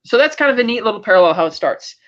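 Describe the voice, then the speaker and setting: A woman's voice: medium pitch, animated, very fast. Lady podcast cohost rambling thru a tv recap, fillers everywhere, kinda muffled lo-fi audio. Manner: rambling recap with many fillers and quoted bits. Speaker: podcast co-host. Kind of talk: casual TV recap chat.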